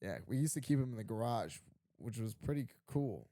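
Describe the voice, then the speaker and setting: A man's voice: medium pitch, lively intonation, fairly quick, warm tone. A young man chatting casually as a podcast co-host, laid-back and swearing, often giving short replies. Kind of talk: casual chat.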